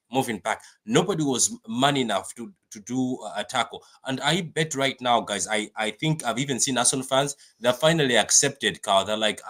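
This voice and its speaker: A man hosting a fan live stream, chatting excitably about a match and reading viewer comments aloud with lots of repetition. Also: mid-range voice. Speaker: fan channel host.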